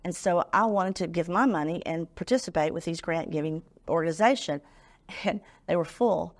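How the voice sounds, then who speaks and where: Low-voiced woman telling a story. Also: moderate pace. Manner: animated storyteller, acts out quoted voices. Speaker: nonprofit founder, guest. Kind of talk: storytelling in a talk-show interview.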